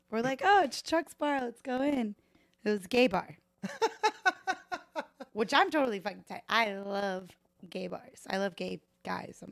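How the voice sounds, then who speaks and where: Thirties woman, bartender guest, loud and salty storyteller, dry room tone. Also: medium pitch, vocal fry, no echo. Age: 30s. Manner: animated, profane, laughs often, acts out voices in anecdotes. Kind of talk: casual podcast storytelling. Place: podcast live stream room.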